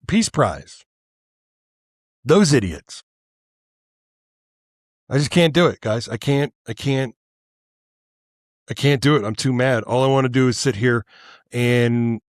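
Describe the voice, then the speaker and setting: A man hosts his political podcast alone and talks in an angry, profane way. He trips over his own words and restarts often. His voice sits at an ordinary pitch and sounds dry and close. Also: no echo. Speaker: podcast host. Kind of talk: solo political rant.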